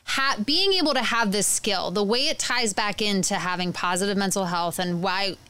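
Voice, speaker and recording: A woman's voice: mid-range voice, moderate pace, pushed and bright, smooth. A woman hosting a podcast, asking long, rambling questions full of fillers. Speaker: podcast host. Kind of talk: conversational interview questions.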